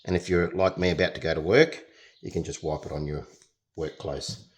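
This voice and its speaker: A young Australian man with a very deep voice talks at a moderate pace in a steady tone. He's a painting tutor chatting casually through a demonstration, cracking jokes and keeping up the chatter as he works.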